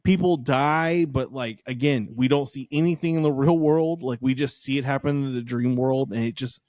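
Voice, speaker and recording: A man's voice: medium pitch, moderate pace, a little mellow, dry recording. A man co-hosting a horror podcast, chatting casually, swearing freely and slipping into mock outrage. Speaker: podcast co-host. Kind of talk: casual chat.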